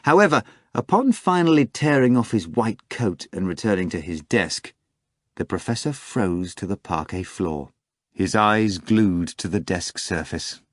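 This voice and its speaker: Low-voiced male audiobook narrator. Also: lively intonation, no echo. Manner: measured storytelling.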